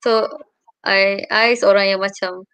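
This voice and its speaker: A young Malaysian woman, a university student, chatting casually as an interview guest over a video call, often pausing to search for words. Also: medium pitch, fairly even intonation, a bit bright, clear, resonant tone, no echo. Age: young adult. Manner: hesitant, searching for words with many fillers. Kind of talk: casual chat.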